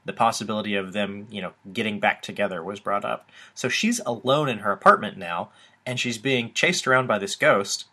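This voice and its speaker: A man's voice: on the low side, fairly quick, pushed and bright. A young man co-hosting a podcast, chatting casually in a loose way with lots of filler words and the odd swear. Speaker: podcast co-host. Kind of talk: casual recap chat.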